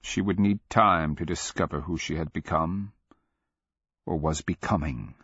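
A man giving steady, measured scripted narration of a fantasy audiobook, on a dull lo-fi recording. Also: deep voice, husky, dry recording.

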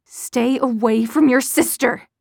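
Woman playing terrified mother, rough strained voice, near screaming, shrill, close dry sound. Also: unhurried, dry recording, full character voice. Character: terrified, furious mother shouting through a door.

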